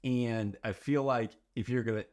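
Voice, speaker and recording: A man in casual podcast chat, laying out his view in a measured, reasoned way. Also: medium pitch, fairly even intonation, darkish tone.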